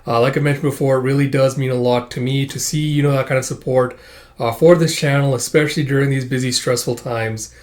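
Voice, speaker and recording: A man's voice: mid-range voice, fairly even intonation, quick pace, darkish tone. Rambling man reading through a manga. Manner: rambling, many fillers, chuckles often. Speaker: manga read-through host. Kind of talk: casual reading commentary.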